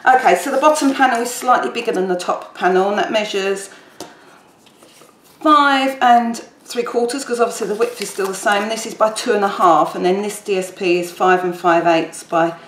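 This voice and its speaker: A woman's voice: medium pitch, normal speed. A woman talks through a papercraft tutorial in an easy, rambling way, chatting as she works. Her voice sits in a middle register. The room is echoey, with faint background noise. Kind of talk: casual crafting tutorial.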